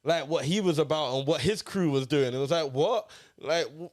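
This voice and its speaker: A man, chatting casually as a movie reviewer and firing off baffled questions. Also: fairly high pitch. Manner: animated, rapid questions, lots of "bro" and "like". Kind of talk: casual chat.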